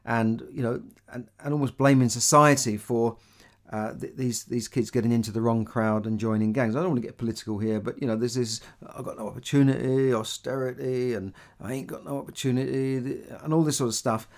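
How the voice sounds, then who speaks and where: Speaking fairly quickly in a steady tone, this London money advice host with a Cockney accent muses on money and opportunity. The middle-aged man has an ordinary mid-range male pitch and rambles, full of fillers like "you know" and frequent restarts.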